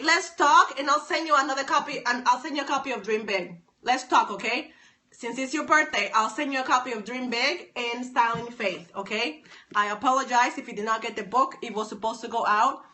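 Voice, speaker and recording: A woman's voice: on the high side, bright, forceful tone. A woman hosting a live phone stream, chatting upbeat with viewers by name and repeating herself often. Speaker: stylist and author hosting a livestream.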